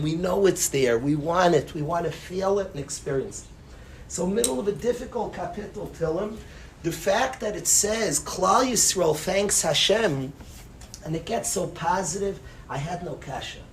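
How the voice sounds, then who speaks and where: A high-voiced rabbi gives a passionate, sermon-style Torah class, swinging from loud cries to hushed near-whispers. He peppers his speech with Hebrew and Yiddish terms, and there's slight background noise.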